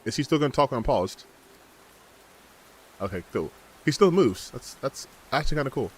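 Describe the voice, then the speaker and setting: A man's voice: mid-range voice, animated, normal speed, slightly rough. A man streaming a game, chatting and joking while testing a mock British enunciation. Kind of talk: gaming livestream commentary.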